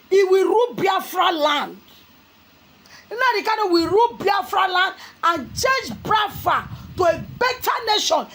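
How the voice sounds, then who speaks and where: A Nigerian woman with a high, very animated voice delivers fiery commentary. She scolds and preaches, and her voice swoops up and down as she raises it into shouts. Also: low-quality recording. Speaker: commentary vlogger. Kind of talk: impassioned political commentary.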